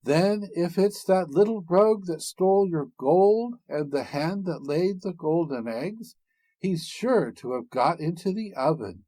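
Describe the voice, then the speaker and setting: A man's voice: sits high, lively intonation, measured pace, dark tone, no echo, pitched above the performer's own voice. A man voicing an ogre's wife in a storybook reading, sing-song, fussing and chiding. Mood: scolding. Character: cunning, scolding ogre's wife, middle-aged woman.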